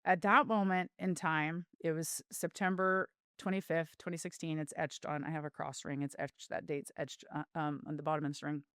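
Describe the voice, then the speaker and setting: Middle-aged woman, interview guest, earnest heartfelt storyteller, smooth clean voice. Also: low-pitched, flat delivery, moderate pace, few pauses, fairly bright tone, no room sound, clean studio sound. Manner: earnest, heartfelt, with vivid retelling. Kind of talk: personal storytelling in a podcast interview.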